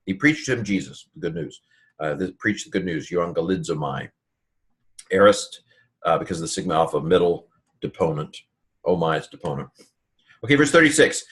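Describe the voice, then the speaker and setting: Low-voiced man teaching Greek grammar. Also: moderate pace. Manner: relaxed, many fillers and restarts. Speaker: Bible teacher. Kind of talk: informal Greek lesson.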